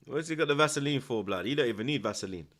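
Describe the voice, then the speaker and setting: A man's voice: medium pitch, very fast. Slangy London man reacting to football. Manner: slangy, teasing, excitable reactions. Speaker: host. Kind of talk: football watchalong commentary. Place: at home indoors.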